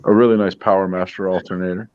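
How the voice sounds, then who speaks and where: Low-voiced man, dry dull sound. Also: little pitch movement, quick pace, clear, resonant tone, no room sound. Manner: easygoing, rambling with fillers. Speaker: parts salesman. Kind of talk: casual garage chat.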